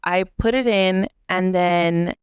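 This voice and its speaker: Young woman telling a story on a podcast, smooth clear voice, dry close sound, lots of "like". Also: lowish voice, slow, no echo. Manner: animated, acts out quotes, heavy use of "like". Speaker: podcast co-host; restaurant manager. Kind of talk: casual storytelling chat.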